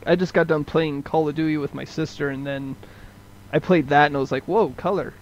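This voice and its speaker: A man's voice: a little high, level tone, fairly quick, highs cut off, a little hiss or hum. A young American man chatting casually on a podcast, laid-back and hesitant with ums. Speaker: podcast co-host. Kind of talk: casual chat.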